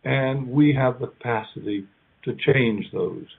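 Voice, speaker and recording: A man delivers a keynote lecture, talking slowly and conversationally, pausing and restarting as he acts out small quoted exchanges. His voice is husky, at a middling pitch for a man. The recording is narrow and tinny, like a phone line. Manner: conversational, halting, acts out little quoted lines. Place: lecture hall.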